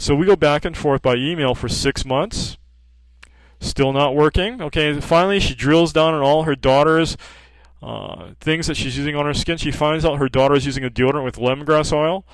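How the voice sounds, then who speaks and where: A man with a slightly high voice explains hormone care in a loose, conversational way. He keeps dropping in "okay" and plays out both sides of phone calls with patients. The sound is dry and close. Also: normal speed, no room sound, poor audio. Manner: peppers speech with "okay", acts out callers' lines in dialogue. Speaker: hormone practitioner selling progesterone cream. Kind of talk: informal explanatory talk with patient anecdotes.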